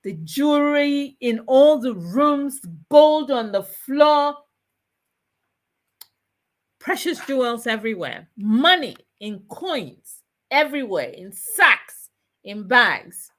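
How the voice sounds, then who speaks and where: A woman from Ghana, hosting a chat show and telling a folk tale with a moral in an expressive, deliberate way. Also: high voice. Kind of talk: storytelling with a moral.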